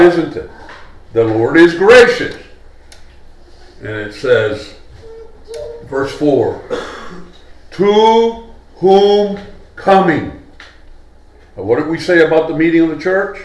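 Male preacher, sermon, slow and conversational, echoey hall from far off. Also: fairly high pitch, expressive. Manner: conversational, asks the congregation questions. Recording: echoey hall, mic at a distance.

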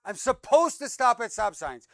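A man with a high, smooth and resonant voice preaches a sermon with great dynamics. He swings from loud, emphatic repeated phrases down to soft, low asides. The recording is dry and close. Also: very animated, moderate pace, no echo. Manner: reads scripture aloud, repeats words for emphasis. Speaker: pastor.

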